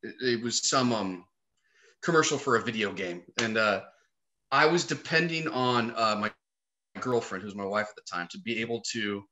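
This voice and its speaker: A man's voice: lowish voice, moderate pace, slight background noise. A man, a podcast guest who is an actor and comedian, telling funny stories in casual chat, swearing freely and acting out what people said. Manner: animated storyteller, swears freely, acts out quotes.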